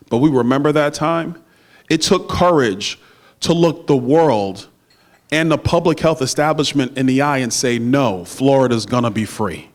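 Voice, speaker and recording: A middle-aged man giving a campaign stump speech at a dinner, with emphatic oratory and playful banter with the crowd. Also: a little high. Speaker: political speaker at a party dinner. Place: banquet room. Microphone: handheld microphone.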